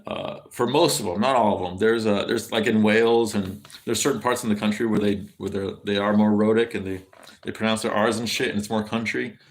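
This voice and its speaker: A man's voice: lowish voice, steady tone, fairly quick. An American man giving casual livestream commentary in a rambling, profane way, often restarting his sentences. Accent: General American.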